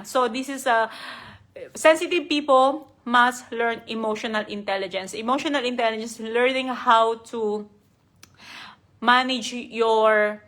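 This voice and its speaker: A woman's voice: a little high, a bit bright. Earnest woman giving a heartfelt live talk. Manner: heartfelt, earnest, repeats and restarts words. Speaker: life coach hosting a live stream. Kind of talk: unscripted motivational talk.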